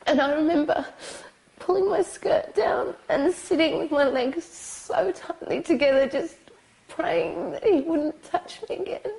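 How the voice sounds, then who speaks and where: Tearful British woman testifying for a documentary; halting delivery, dark mellow tone. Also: sits high, gravelly, rough recording. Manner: halting, pausing, hesitant with many ums. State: crying, sobbing. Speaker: abuse survivor recounting her experience.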